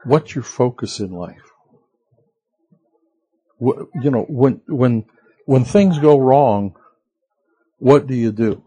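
Husky-voiced man preaching slowly. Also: medium pitch, lively intonation, dark tone. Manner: unhurried, conversational preaching with rhetorical questions. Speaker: pastor. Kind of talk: sermon.

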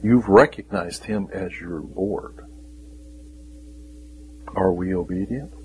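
A man preaching a sermon, with dramatic pauses and emphatic rising questions, sometimes dropping to a whisper. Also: low voice, mellow, slight background noise, low-quality recording.

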